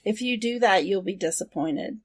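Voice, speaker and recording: A woman's voice: medium pitch, animated, normal speed, husky. A woman co-hosting a podcast, chatting earnestly and then reading out the show's contact details as the sign-off. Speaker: podcast co-host. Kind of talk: casual podcast chat.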